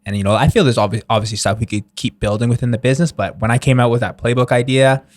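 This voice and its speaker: A man's voice: medium pitch, steady tone, racing, no echo. A young man guesting on a podcast, talking in an eager, casual way and filling his sentences with "like". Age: young adult. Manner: enthusiastic, filler-heavy, says "like" a lot. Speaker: guest, real estate investor.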